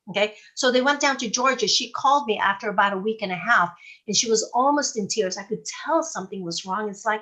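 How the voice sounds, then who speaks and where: A woman's voice: mid-range voice, fairly quick, sharp tone. Chatty woman real estate trainer. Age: middle-aged. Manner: conversational, folksy, tells anecdotes. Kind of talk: live training class.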